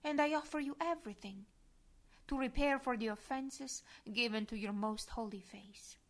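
A woman reads a devotional prayer aloud, her voice sitting a little high. She keeps it soft and reverent, at times sinking to a breathy whisper. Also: normal speed. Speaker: devotional reader.

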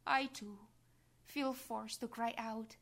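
A woman reads a devotional meditation in a hushed, intimate voice that often sinks to a whisper. She speaks slowly, letting each phrase settle. Her voice sits fairly high. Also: fairly even intonation. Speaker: reader.

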